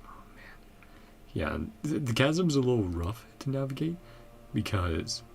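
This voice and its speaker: A man's voice: mid-range voice, very animated, unhurried, gravelly, darkish tone, slight background noise. A man hosting a gaming video, chatting casually and thinking aloud with frequent chuckles. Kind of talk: casual game commentary.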